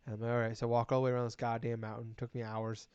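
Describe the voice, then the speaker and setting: A man's voice: mid-range voice, completely flat delivery, racing, darkish tone, clean tone, no echo. Profane, ranting podcast guy. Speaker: podcast co-host. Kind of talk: casual chat. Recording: dull lo-fi recording.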